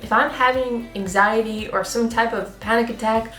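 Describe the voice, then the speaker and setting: A woman's voice: fairly high pitch, normal speed. Chatty woman vlogging in an echoey room. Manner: chatty and expressive, many "like" fillers. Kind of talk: casual chat to camera. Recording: echoey room with faint music.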